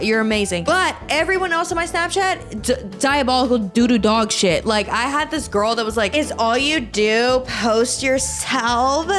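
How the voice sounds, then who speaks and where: High-voiced, ranting young woman podcaster. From United States. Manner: animated, exaggerated, swearing, ranting. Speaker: podcast host. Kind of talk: reading and reacting comedy.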